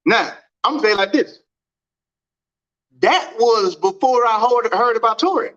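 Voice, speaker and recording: A man hosting a casual livestream from home, telling a story and acting out quoted dialogue with big pitch swings. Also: animated, measured pace, fairly bright tone, lo-fi sound. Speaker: track and field livestream host.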